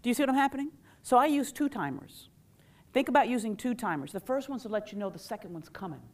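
Woman, middle-aged, former teacher, workshop speaker, higher-pitched voice, animated, asks the audience questions. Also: fast talker. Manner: animated, quizzes the audience and leads call-and-response. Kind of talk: lively workshop talk to a live audience.

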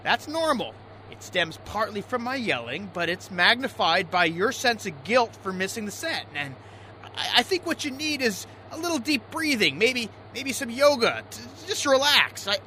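A hot-tempered fishing skipper who stammers and keeps repeating himself while his voice rises and falls in a lively way. He bellows orders one moment and coaxes gently the next. The recording is noisy, with engine and outdoor sound behind him. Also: high-pitched, moderate pace, exaggerated voice. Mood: soothing. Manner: stammering, swings from yelling to soothing. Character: gruff male fishing skipper, hot-tempered yet coaxing. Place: outdoors on a boat.

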